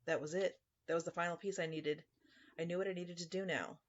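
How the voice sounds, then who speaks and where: A man's voice: fairly high pitch, steady tone, brisk, highs cut off. A man narrating a scripted first-person horror story in a dry, sarcastic tone.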